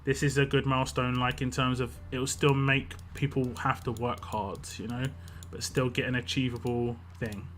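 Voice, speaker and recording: Here a British man streams a mobile game live, chatting in a rambling way and reading viewers' comments aloud. His mid-range voice stays level and fairly bright at a moderate pace, with slight background noise in the recording.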